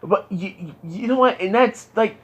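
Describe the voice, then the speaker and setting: A young man with a slightly high voice, talking openly in a therapy session. He is frustrated and swears freely, and he keeps pushing back against the advice he has been given. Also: unhurried, fairly bright tone, husky, dull audio. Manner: frustrated, profane, rising to anger. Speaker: patient in therapy. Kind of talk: candid therapy conversation.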